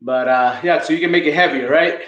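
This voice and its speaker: A man's voice: a little high, fairly quick, a bit bright, roomy sound, dull audio. A man leading a live online kettlebell class, counting reps and giving coaching cues while out of breath. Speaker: fitness coach.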